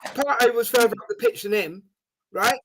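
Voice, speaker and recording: A man hosting a live football watchalong, reacting with animated exasperation and calling everyone "mate". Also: very high-pitched, moderate pace, background noise. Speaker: watchalong host.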